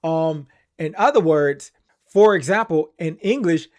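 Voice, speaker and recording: A man's voice: on the high side, lively intonation, measured pace, darkish tone. A man hosting a language-learning channel, speaking earnestly and enthusiastically in a casual explanatory vlog.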